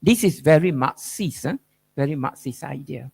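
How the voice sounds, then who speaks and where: A man's voice: a little high, lively intonation, normal speed, creaky, a little mellow, husky. A man giving an academic keynote lecture, driving his points with rhetorical questions and "right?" tags. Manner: probing, emphatic lecturing. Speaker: keynote speaker.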